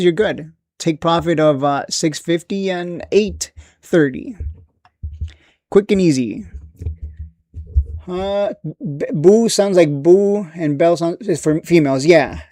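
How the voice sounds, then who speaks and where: A man chatting casually on a live stream about stock charts, rambling and quick to laugh or get annoyed. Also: fairly high pitch, a little mellow.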